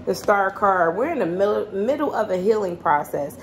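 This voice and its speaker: A woman's voice: mid-range voice, animated, normal speed, slight background noise. A woman giving a casual tarot reading, talking bluntly and chattily with plenty of swearing. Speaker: tarot reader.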